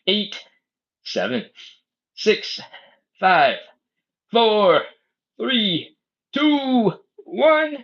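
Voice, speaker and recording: A man's voice: high-pitched, a bit bright. A man leading a live stretching class, counting down reps, coaching and joking, with sighs between sets. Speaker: fitness instructor. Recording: slightly dull lo-fi stream audio.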